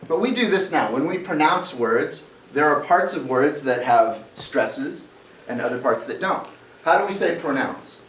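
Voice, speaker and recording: A man's voice: a little high, lively intonation, unhurried. A male teacher lecturing a class, explaining step by step and quizzing students as he goes. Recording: roomy classroom, mic far off, faint background noise.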